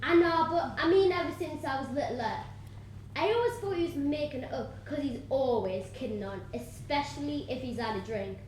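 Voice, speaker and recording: Girl playing an excitable boastful kid, high voice, very echoey stage, faint noise. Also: moderate pace. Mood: chatty. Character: excitable local child boasting about her dad. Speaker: youth theatre actor. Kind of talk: stage play acting.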